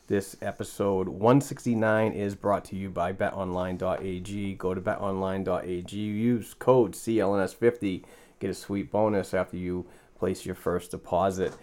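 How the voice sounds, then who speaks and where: A man hosts a podcast, in a somewhat low voice. He talks casually and haltingly, repeating words and filling gaps with ums. He records in a small home studio. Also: steady tone, a little mellow. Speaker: podcast host. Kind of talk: casual chat.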